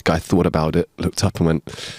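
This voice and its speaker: A man's voice: sits low, level tone, normal speed, darkish tone, dry recording, studio quality. A man co-hosting a comedy podcast, laid-back and wry as he tells a joke. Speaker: podcast co-host. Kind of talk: casual comedy chat.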